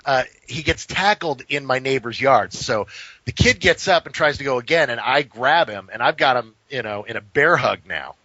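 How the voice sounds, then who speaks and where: Bright-voiced man telling a profane story. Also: medium pitch, moderate pace, no echo. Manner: animated, profane, acts out every person in the story. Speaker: podcast co-host. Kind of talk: casual storytelling. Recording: slightly dull, dry recording.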